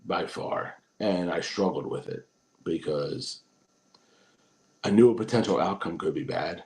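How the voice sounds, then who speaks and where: A man's voice: sits low, measured pace. A man in casual podcast chat, telling a story with swearing and laughter. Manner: animated, profane, laughing. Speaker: podcast co-host.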